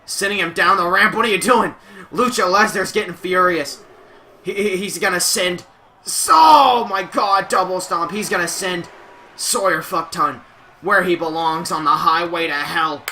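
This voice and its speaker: Excitable young man calling game wrestling. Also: sits high, moderate pace, a little hiss or hum. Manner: energetic, shouting at big moves. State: losing his voice a little. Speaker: play-by-play commentator.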